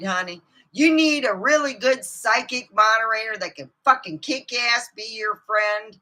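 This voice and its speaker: A woman ranting profanely to her camera, swinging from low muttering to outbursts of shouting. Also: moderate pace. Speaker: vlogger. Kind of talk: angry ranting monologue.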